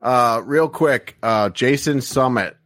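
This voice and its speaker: A man's voice: mid-range voice, takes it slowly, fairly bright tone, no room sound, clean studio sound. A man hosting a podcast, talking in an easygoing, rambling way with plenty of fillers. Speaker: podcast host. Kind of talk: casual chat.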